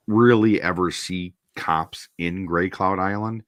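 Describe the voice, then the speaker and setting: Speaking low and slowly, a Minnesotan streamer rambles through an animated story, stopping to voice its characters. The recording is dry and studio quality.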